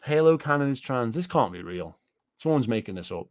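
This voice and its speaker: A man rants on a livestream, rambling and swearing as he reacts to chat with disbelief. His voice sits at an ordinary middle pitch, and the sound is close and dry, with no room around it. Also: lively intonation, brisk, no room sound. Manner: profane, rambling, incredulous. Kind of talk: casual ranting livestream commentary.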